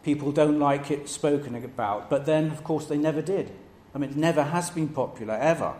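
A man preaching a sermon, measured and emphatic, stressing each item in his lists. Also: a little high, mellow. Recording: echoey room with faint background noise.

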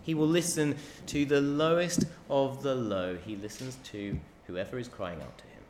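A man's voice: medium pitch, normal speed. Impassioned male preacher in a roomy hall. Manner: impassioned, acts out cries and crowd voices. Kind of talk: sermon. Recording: roomy hall echo, faint background noise.

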